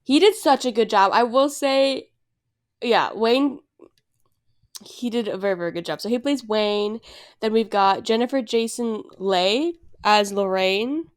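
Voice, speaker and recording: Young woman chatting on a podcast, super clear voice, lots of um and like, rambly. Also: a little high, a little slow. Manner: rambling, frequent fillers and self-deprecating asides. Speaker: podcast co-host. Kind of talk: casual chat.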